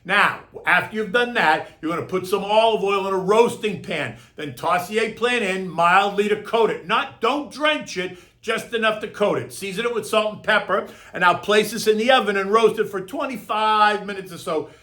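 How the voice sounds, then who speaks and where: A man's voice: high voice, moderate pace, hardly any pauses, bright, forceful tone. A middle-aged man giving casual market commentary and then a recipe, chatty and emphatic, often asking "right?". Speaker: market commentator and home cook.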